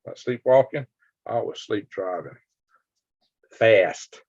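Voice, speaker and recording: This is an older man, telling rambling stories on his own live stream and tossing in sound effects and little chuckles. His voice sits fairly low. The sound is dry and slightly muffled, like lo-fi home stream audio. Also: expressive, slow, a little mellow, no room sound. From Alabama, US. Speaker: livestream host. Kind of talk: casual live-stream chat with viewers.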